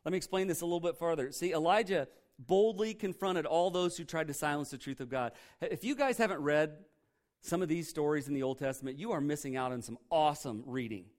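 Brief: male pastor, lively sermon storytelling, punchy repeats, slightly high-pitched. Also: brisk. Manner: emphatic, animated storytelling with repeated phrases. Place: church.

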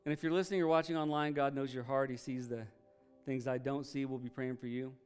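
A man preaching a sermon as pastor, emphatic and rising to loud peaks, then dropping soft for prayer. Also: medium pitch, steady tone, fast talker, clear, resonant tone, faint music behind. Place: church.

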